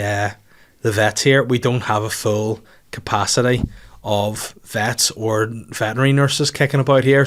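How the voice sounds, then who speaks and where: A young man with a Northern Irish accent hosting a podcast, telling a funny story in casual chat, laughing often and jumping into high mock voices to quote people. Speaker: podcast host.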